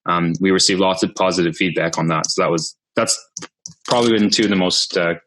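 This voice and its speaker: Young farmer guest, low-voiced, animated storyteller who laughs often and mimics voices. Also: male voice, a little fast. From Manitoba, Canada. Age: young adult. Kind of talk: casual storytelling.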